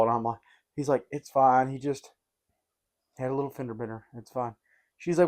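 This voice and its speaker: A man's voice: medium pitch, a little fast, long pauses. Rambling young guy telling stories. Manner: rambling and animated, uses "dude" and "like" a lot. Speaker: podcast host. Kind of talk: casual storytelling chat.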